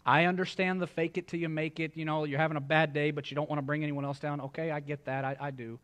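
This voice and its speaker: Pastor guy preaching in church, chatty, cracks jokes with the folks, voice sits a bit high. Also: little pitch movement, fast, a bit bright. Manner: conversational, joking asides to the congregation. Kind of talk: sermon. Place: church sanctuary.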